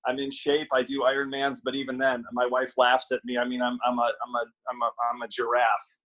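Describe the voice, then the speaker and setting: A man's voice: medium pitch, completely flat delivery, a little fast, a bit bright, rough recording. A middle-aged man from Wisconsin, a guest on a casual podcast interview, who talks emphatically, repeats key phrases and jokes at his own expense. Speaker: guest speaker and author.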